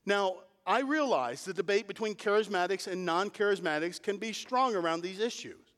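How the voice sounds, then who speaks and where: High-voiced man preaching in a hall. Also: expressive, normal speed, a bit bright. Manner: emphatic preaching, rising in pitch and volume at key points. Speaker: pastor. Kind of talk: sermon.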